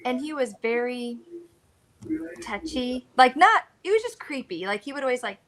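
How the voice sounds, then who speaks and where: A woman in her thirties with an American accent, co-hosting a casual live chat and telling a story with lively acted-out quotes. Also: high-pitched, normal speed. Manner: animated storyteller, acts out quoted lines. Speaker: co-host of a reseller live chat.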